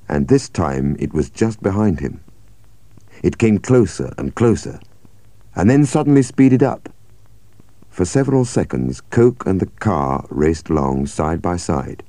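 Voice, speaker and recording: A man reads a story aloud in a measured, expressive way. His voice is very deep and mellow, and his pitch moves a lot. The recording is dry and close. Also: no echo. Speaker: audiobook narrator. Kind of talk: scripted story narration.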